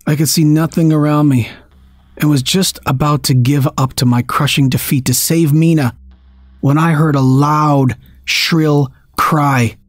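A man narrating a first-person story in a steady, tense storytelling manner. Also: a little high, measured pace, no room sound. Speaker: audiobook narrator.

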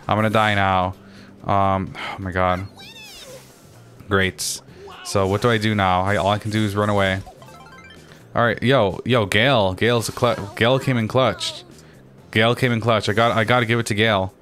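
A man's voice: lowish voice, steady tone, moderate pace, long pauses, a bit bright, soft background music. A young man commentating his own game as he plays, ranting and swearing nonstop about the other players. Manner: swears constantly, ranting and complaining. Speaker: gaming channel host. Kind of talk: frustrated gameplay commentary. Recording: faint background noise.

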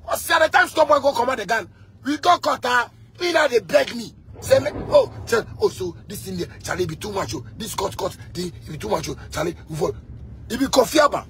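A man with a Ghanaian accent delivering a heated rant, repeating himself and bursting into shouts. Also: high voice, slight background noise. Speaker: musician.

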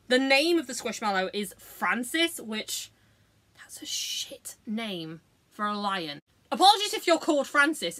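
A woman's voice: medium pitch, fairly bright tone. A woman, chatting casually through a makeup tutorial, sweary, giggly and self-mocking. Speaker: beauty vlogger.

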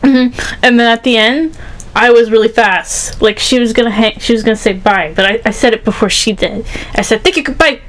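A woman's voice: a little high, fairly even intonation, moderate pace, rough recording. Giggly woman gaming with a friend. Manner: giggly, laughs often mid-sentence. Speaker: gamer streaming with a friend. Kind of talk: casual gaming chat.

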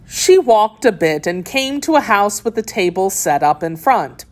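A woman narrating a children's storybook aloud, expressive and clear. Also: mid-range voice, unhurried.

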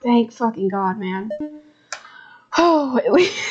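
A woman's voice: a little high, darkish tone, lo-fi sound. A woman streaming a horror game, swearing and laughing at her own scares as she comments. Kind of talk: live gameplay commentary.

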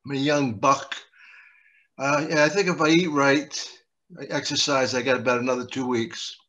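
A man's voice: mid-range voice, fairly even intonation, moderate pace, bright, forceful tone. A man doing improvised comedy as a therapy patient, wisecracking in a sardonic way. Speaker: comedian guest playing a patient.

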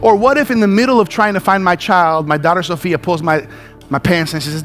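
A man preaching a sermon as a pastor, telling a story with animated delivery and acting out panicked shouts and dialogue. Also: sits high, fairly quick, soft background music.

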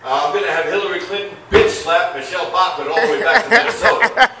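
Man doing a loud swaggering president bit; distant mic, big room echo. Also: sits high, quick pace, noisy background, natural voice. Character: brash adult male president impression. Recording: echoey club, far from mic, crowd.

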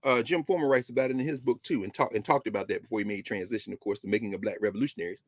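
A man's voice: fairly low pitch, very fast, no room sound. A man giving a history lecture on a talk show, telling the story with emphasis and dropping into casual asides.

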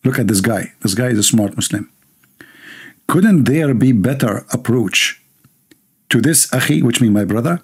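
A man's voice: mid-range voice, expressive, moderate pace, pauses often, husky. A man hosting a livestream, reading viewer comments aloud and mocking them with sarcastic asides and laughter.

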